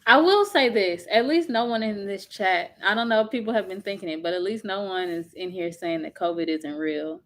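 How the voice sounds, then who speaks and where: A woman's voice: mid-range voice, brisk, hardly any pauses. A woman hosting a casual livestream from home, chatting with viewers and reacting sympathetically to their comments, with a loose, filler-heavy way of talking. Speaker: livestream host. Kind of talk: casual live chat reading viewer comments.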